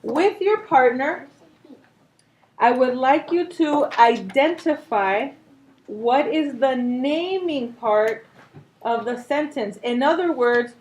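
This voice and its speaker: A woman teaching a class, speaking slowly and patiently, encouraging her students. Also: sits high, animated, darkish tone. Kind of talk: classroom instruction. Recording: faint background noise.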